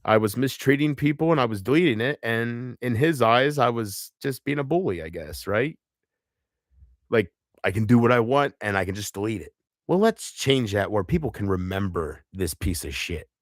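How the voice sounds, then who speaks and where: A man talking on a livestream in a halting, emotional way, stopping, restarting and trailing off. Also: medium pitch, expressive, no room sound, studio quality. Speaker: live streamer. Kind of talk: casual livestream chat.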